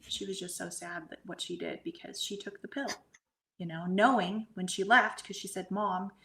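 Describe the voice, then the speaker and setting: A middle-aged woman, a guest medium, telling a personal story softly and haltingly, often sinking into a breathy whisper. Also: lowish voice. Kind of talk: emotional personal storytelling in a podcast interview. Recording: roomy echo.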